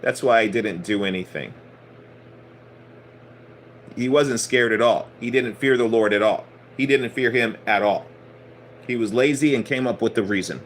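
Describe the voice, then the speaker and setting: A man's voice: mid-range voice, normal speed, a little hiss or hum. A man preaching in a casual, blunt style, swearing often and hammering points through repetition. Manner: blunt, profane, emphatic preaching; conversational, repeats phrases. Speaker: spiritual teacher. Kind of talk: casual sermon.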